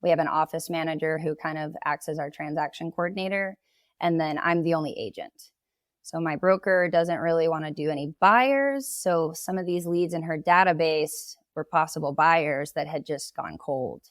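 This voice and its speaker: A woman's voice: low voice, normal speed, no room sound, clean studio sound. A woman, a real estate agent talking casually as a podcast guest. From Oklahoma. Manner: conversational, explaining at length with laughs.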